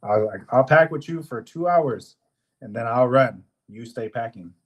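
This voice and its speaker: A young man co-hosting a podcast, telling a work story in a casual, animated way, swearing often and acting out what people said. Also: mid-range voice, moderate pace. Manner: animated, profane, swears often, acts out quotes. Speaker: podcast co-host.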